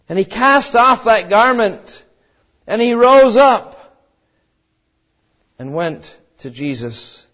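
A man's voice: very high-pitched, lively intonation, slow. A man preaching a sermon, retelling a Bible story in an earnest way and swelling with fervor as he appeals to the listener. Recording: dull lo-fi recording.

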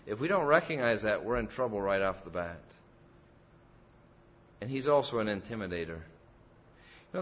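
A man preaching a sermon as a pastor, rising loud and emphatic on key phrases. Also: medium pitch, muffled recording.

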